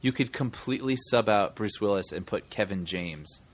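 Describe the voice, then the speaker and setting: A man's voice: lowish voice, lively intonation, moderate pace, very noisy. A man co-hosting a podcast, joking through a movie review and slipping into goofy voices for his bits. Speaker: podcast co-host. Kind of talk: casual movie review chat.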